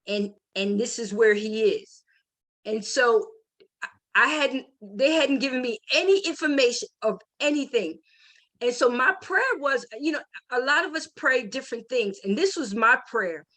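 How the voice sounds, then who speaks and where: A middle-aged woman hosts a faith testimony talk in a slightly high voice. She speaks from the heart, stopping and restarting her sentences often. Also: a bit bright. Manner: heartfelt, many restarts and fillers. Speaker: host.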